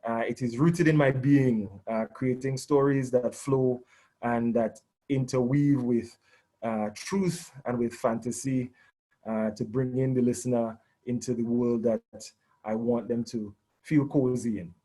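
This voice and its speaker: Man, storyteller guest on a video call, warm mellow tone, measured and reflective. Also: mid-range voice, steady tone. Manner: reflective, measured, with many fillers.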